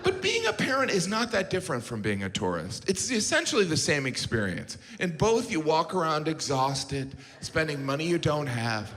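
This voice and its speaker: A man doing a stand-up comedy set on a live stage, deadpan, slipping into mocking put-on voices. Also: on the high side, moderate pace, hardly any pauses. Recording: live stage mic with audience noise.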